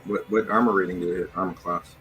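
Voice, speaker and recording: A man's voice: sits low, steady tone, fast, a bit bright, breathy edge, low-quality recording. A man playing in a tabletop game, matter-of-fact and a little hesitant as he reads out his rolls. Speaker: player. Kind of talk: casual tabletop game play.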